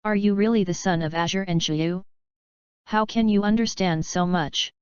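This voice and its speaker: A woman reading the lines of a sealed old male martial-arts uncle, slow and amused. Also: mid-range voice, darkish tone, smooth, no room sound, natural voice. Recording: slightly dull lo-fi recording.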